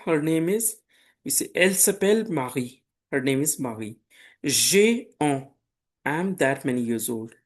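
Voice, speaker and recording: Male French teacher, slow and patient, drills phrases with English glosses, medium pitch. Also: expressive. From Pakistan. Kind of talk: slow language lesson with repetition drills.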